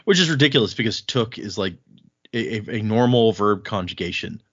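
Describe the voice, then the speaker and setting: A man co-hosting a casual book podcast, recapping the plot in a chatty way and acting out quick bits of dialogue. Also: fairly low pitch, expressive, fairly bright tone, husky, no room sound, highs cut off. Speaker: podcast co-host.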